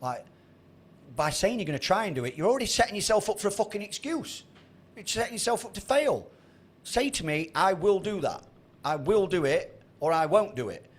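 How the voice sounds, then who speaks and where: A man's voice: sits high, sing-song, fairly quick. A man in his thirties giving a blunt, sweary motivational talk to a trading group on a video call. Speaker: trading mentor.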